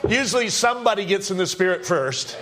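A man with a notably high-pitched voice delivers an informal sermon. He talks to the congregation conversationally, mixing jokes with personal stories. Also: animated, brisk, a crowd in the background. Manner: conversational, joking, storytelling. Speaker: preacher.

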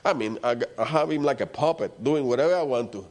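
A man preacher voicing the devil as a sneering male figure who mocks a sinner, dropping into a low scoffing tone. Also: fast, a little mellow, close to an everyday voice.

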